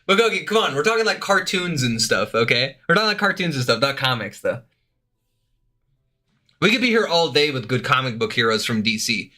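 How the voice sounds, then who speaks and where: A man's voice: medium pitch, very animated, fairly quick, bright, forceful tone. A young man reacting to a video on a live stream, chatting casually with lots of swearing, fillers and laughter. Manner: loose, profane, laughs often, lots of fillers.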